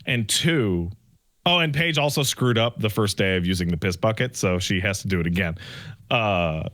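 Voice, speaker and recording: A man co-hosting a podcast, telling a story in a casual, animated way and acting out the dialogue himself. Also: on the low side, moderate pace. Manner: animated, acts out quoted dialogue. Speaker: podcast co-host.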